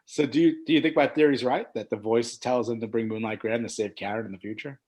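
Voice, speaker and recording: A man's voice: mid-range voice, fairly even intonation, quick pace, a little mellow. A man co-hosting a podcast in casual chat, musing through a theory with tentative, trailing phrasing. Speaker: podcast co-host.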